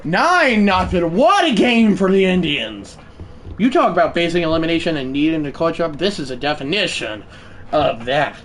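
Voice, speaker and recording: A man streaming a baseball video game, calling the plays like a play-by-play announcer, shouting on big plays and muttering asides in between. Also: fairly high pitch, very animated, moderate pace, a little hiss or hum. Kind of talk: live gameplay commentary.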